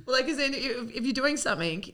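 A woman's voice: high voice, expressive, fast talker, fairly bright tone. An Australian woman from Sydney, a sports broadcaster guesting on a podcast, chatting casually and rambling onto tangents with frequent laughter. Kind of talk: casual chat.

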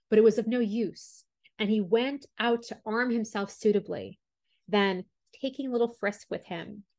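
Calm woman reading a fairy tale. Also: medium pitch. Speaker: storyteller. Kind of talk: storybook read-aloud narration.

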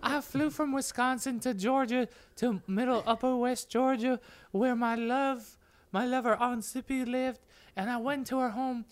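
A man's voice: very high-pitched, fairly even intonation, a little slow, clean tone, pitched above the performer's own voice. A man playing a panicked woman caller leaving a hysterical, profane voicemail. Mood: frantic. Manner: shouting, hysterical, profane rant.

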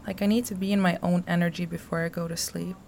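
A woman reading aloud from her personal journal, soft and slow, sometimes dropping to a whisper. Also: lowish voice, little pitch movement, gravelly, slight background noise. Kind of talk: intimate journal reading, poetry-like.

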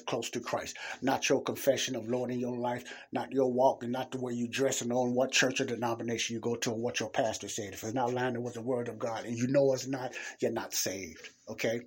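Husky man preaching earnestly. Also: mid-range voice. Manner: repetitive, emphatic, earnest. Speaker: podcast preacher. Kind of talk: informal preaching monologue.

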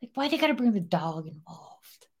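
A woman's voice: medium pitch, normal speed. A young woman co-hosting a podcast, casually retelling a true-crime story and acting out what people said, with a lot of "like". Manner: animated retelling, acts out quotes, frequent "like". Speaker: podcast co-host.

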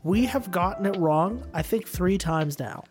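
Male podcast co-host, slightly high voice, casual storyteller. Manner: chatty storyteller, quick when retelling. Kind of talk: casual chat. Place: Vancouver area.

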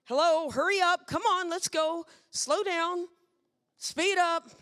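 A woman's voice: extremely high pitch, slow pace, a bit bright, in a large hall, voice pushed up, exaggerated voice. A woman mimicking a nagging parent. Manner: insistent, repetitive. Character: nagging parent repeating orders to a child.

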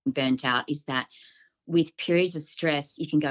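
A woman co-hosting a health podcast, explaining symptoms from her clinical work in a relaxed chat and acting out what patients say. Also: sits low, moderate pace, muffled recording. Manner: explanatory, acts out patients' quotes. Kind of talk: casual chat.

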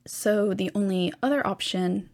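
A woman's voice: medium pitch, measured pace, darkish tone. Chatty teen girl rambling on her podcast. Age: teens. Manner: rambling, filler-heavy, chatty. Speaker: podcast host. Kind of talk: casual podcast monologue.

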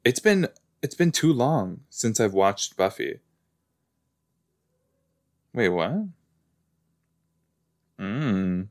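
A man's voice: lowish voice, very animated, very slow, pauses often. A man hosting a reaction video, chatting casually and exclaiming and asking questions at the screen as he watches.

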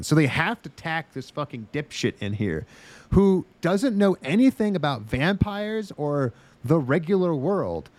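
A man's voice: fairly high pitch, a little mellow, no room sound. A man hosting a casual podcast, recapping with sarcastic, profane rants and mocking put-on voices. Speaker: podcast host.

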